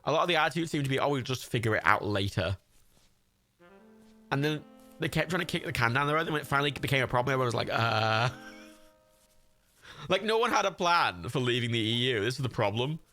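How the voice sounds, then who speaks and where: A man's voice: on the high side, lively intonation, racing, pushed and bright, soft background music. A young man with an English accent giving rambling, sweary let's-play commentary on a livestream and laughing often.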